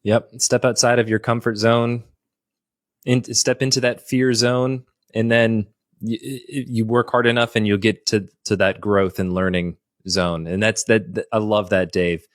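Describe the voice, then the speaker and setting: A man's voice: fairly low pitch, fairly even intonation, unhurried, no room sound, clean studio sound. A man hosting a business podcast interview, affirming his guest and wrapping up the show in a friendly, promotional way. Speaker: podcast host.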